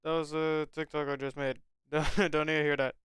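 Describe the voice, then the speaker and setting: A young man streams live, rambling cheerfully to his chat as he gets things ready. His voice is bright and crisp, close to the mic in a dry space with no room echo. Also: on the high side, flat delivery, moderate pace. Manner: rambling, upbeat, talks to chat while setting up. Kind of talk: casual livestream chat.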